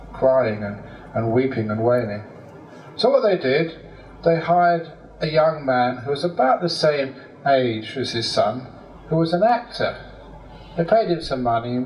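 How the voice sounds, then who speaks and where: A man, a Buddhist monk teacher, answering questions with humorous stories and chuckles in a hall at a Buddhist centre. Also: medium pitch. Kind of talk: talk with storytelling. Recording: roomy hall, distant mic, faint noise.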